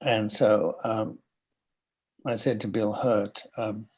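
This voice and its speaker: An older Australian man telling animated anecdotes as an interview guest, acting out the voices of people he quotes. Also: on the low side, takes it slowly, slightly rough. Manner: animated storyteller who acts out quoted voices. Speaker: guest actor.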